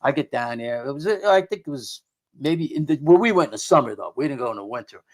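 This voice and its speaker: Speaking fast and expressively at a medium pitch, this middle-aged man is a guest who investigates the paranormal. He rambles through a conversational story, frequently circling back to repeat himself or start a phrase over.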